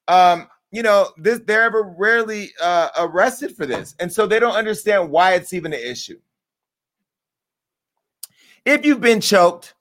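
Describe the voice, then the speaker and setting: Loud outbursts give way to low asides as a man hosts a crude, comedic commentary rant in a brash, animated manner.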